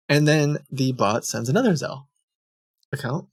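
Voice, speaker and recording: A man's voice: medium pitch, lively intonation, normal speed, slightly rough, dry recording, clean studio sound. A man streaming live, chatting casually and reading chat logs aloud with many ums and restarts.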